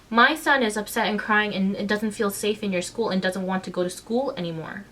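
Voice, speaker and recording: A woman's voice: medium pitch, brisk, few pauses, a bit bright. A mother speaks straight to her camera in a mid-range voice, raw and close to tears. Her frustration shows as she stumbles, restarts and presses her points with indignation. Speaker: mother and vlogger. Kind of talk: emotional personal vlog recounting.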